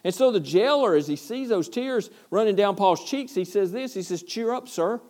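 A man's voice: high voice, expressive, moderate pace, a little mellow. A man pastor preaching a verse-by-verse sermon with earnest, repetitive phrasing. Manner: earnest, repetitive, stumbling restarts, rising to passion.

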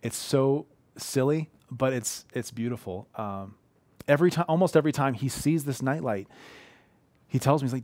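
A man's voice: mid-range voice, brisk, a little mellow, dry recording. A man in his thirties giving an earnest, conversational sermon from a living room, telling heartfelt personal stories. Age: 30s. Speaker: pastor.

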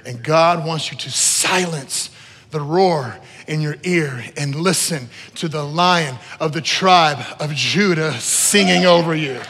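A man preaching a sermon as pastor to a congregation, repeating key phrases and building to loud emphatic peaks. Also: a little high, slow. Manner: repeats phrases for emphasis, asks the room to respond. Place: church hall with long reverb. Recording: echoey church hall.

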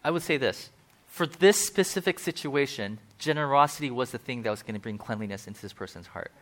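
A man's voice: mid-range voice, expressive, brisk, a bit bright. A male pastor giving a conversational sermon, full of asides and acted-out quotes.

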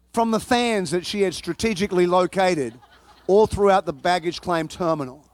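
A man with a high voice preaches a sermon, spinning a personal story with comic timing and plenty of repeated words and restarts. His voice sounds dry and close, with no room echo. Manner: animated, comic storytelling with frequent repetitions and restarts. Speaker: pastor.

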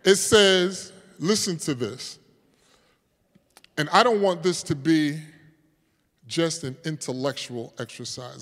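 A man's voice: fairly high pitch, animated, a little slow. Preaching man in an echoing church hall. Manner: preaching with swings from loud declarations to hushed prayer; calls on the congregation, jokes and laughs with them. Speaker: pastor. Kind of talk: sermon.

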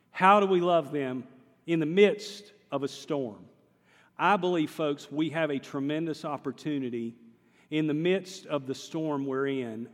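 A male pastor, preaching a sermon with humor and animated storytelling and putting questions to his congregation. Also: fairly high pitch. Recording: long hall reverb.

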